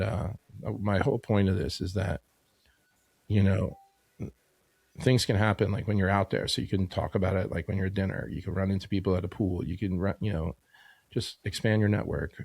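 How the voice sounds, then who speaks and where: A man's voice: sits low, steady tone, brisk, vocal fry, darkish tone, breathy edge, no echo. A man in his fifties, a business owner and podcast guest, telling a story in a rambling, casual way full of "you know" and "like.".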